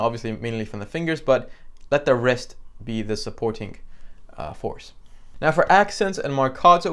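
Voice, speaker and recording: A man teaching piano in a relaxed, conversational way with frequent fillers, counting beats aloud. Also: mid-range voice. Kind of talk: instructional tutorial. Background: piano playing between phrases.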